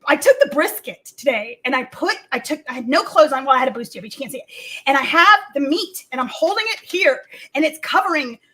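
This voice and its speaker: A woman with a high, bright voice chats casually and swears freely. She rambles through a story and acts out each quoted line. Her tone stays loose and comedic. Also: lively intonation, brisk. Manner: foul-mouthed, rambling storyteller acting out quotes.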